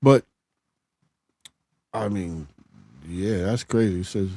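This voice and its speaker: A middle-aged man hosts a live show, reading out viewer comments in a plainspoken, conversational way and often restarting his sentences. His deep voice is mellow and husky, he takes it slowly, and the recording is dry.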